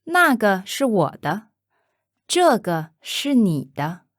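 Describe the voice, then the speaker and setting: Very slow, carefully enunciating woman. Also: mid-range voice, big pitch swings, no room sound, clean studio sound. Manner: careful, deliberate enunciation, each phrase said twice. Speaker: native-speaker model for pronunciation. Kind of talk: slow repeated pronunciation examples.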